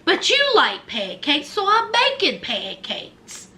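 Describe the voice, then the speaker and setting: A woman's voice: sits high, wildly swooping pitch, takes it slowly, pushed and bright, full character voice. A woman retelling a man's words, voicing an earnest man trying to please his partner. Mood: pleading.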